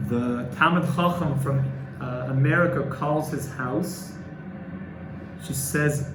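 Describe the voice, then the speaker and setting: A man's voice: medium pitch, takes it slowly. A man telling a dramatic religious story with emotional, stammering restarts. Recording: echoey room with faint noise.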